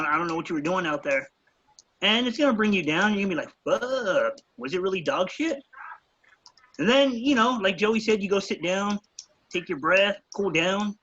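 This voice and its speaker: A man's voice: high voice, pushed and bright, muffled recording. A man with an American accent, a wrestling coach giving laid-back advice to students. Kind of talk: casual talk to students.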